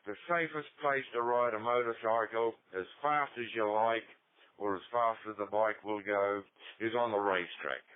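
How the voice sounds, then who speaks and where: A man's voice: lowish voice, fairly even intonation, normal speed, dry recording. An Australian man in his seventies chatting casually on a ham radio net, rambling through anecdotes with dry humor. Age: 70s. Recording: tinny dry radio transmission.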